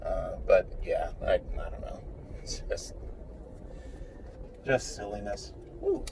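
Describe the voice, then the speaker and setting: A man with a mellow, dark voice rambles bluntly and swears freely while driving. He sounds a little far from the mic inside his car, and a faint engine hum runs underneath. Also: medium pitch, big pitch swings, unhurried, creaky. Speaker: vlogger.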